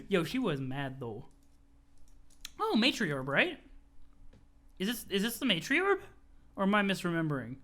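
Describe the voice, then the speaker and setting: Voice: medium pitch, measured pace, pauses often. Streamer enthousiaste et bavard. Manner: excitable, chatty, swearing often. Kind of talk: casual live-stream reading commentary.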